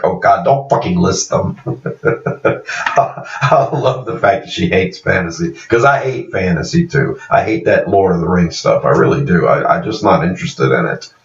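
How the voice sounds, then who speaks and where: A man casually recapping TV episodes as a reviewer, rambling with many fillers and restarts, often laughing. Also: sits low. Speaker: TV series reviewer. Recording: echoey room, distant mic, dull sound.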